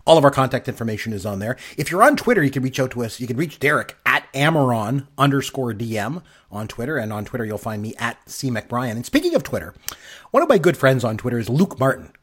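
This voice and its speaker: A middle-aged Canadian man co-hosting a podcast, chatting casually and telling rambling, excitable stories. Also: mid-range voice, fast talker, breathy edge. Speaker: podcast co-host. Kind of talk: casual chat.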